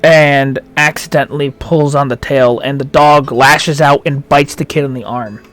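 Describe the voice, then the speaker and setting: A man narrating as game master in a tabletop game, halting with many fillers. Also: medium pitch, steady tone, fairly bright tone, faint music behind.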